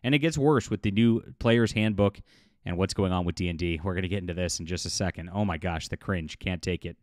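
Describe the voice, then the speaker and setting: A man talks straight to his audience in a loose, mocking commentary, scoffing and chuckling as he goes. His voice sits on the low side, and the sound is dry and close with no room around it. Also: brisk, darkish tone, no room sound. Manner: scornful, mocking, laughs often, many fillers. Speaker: YouTube commentator. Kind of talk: casual commentary vlog.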